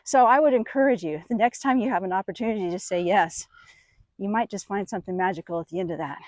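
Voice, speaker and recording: A middle-aged woman telling a personal story in an animated, expressive way. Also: mid-range voice, quick pace, no room sound. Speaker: speaker. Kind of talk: storytelling talk.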